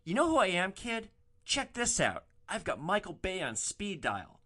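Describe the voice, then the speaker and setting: A man's voice: high voice, huge pitch swings, normal speed, pushed and bright, pitched above the performer's own voice, full character voice. A man voicing a drunk, boastful male passenger who brags and pushes, retold in a spoken story. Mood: showing off. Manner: boastful, pushy, slurring bravado.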